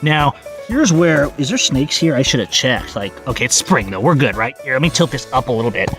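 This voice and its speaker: A man in his forties vlogging outdoors in a park, talking excitedly about photography and often restarting his phrases. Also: medium pitch, fairly quick, faint music behind. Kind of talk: casual outdoor vlog.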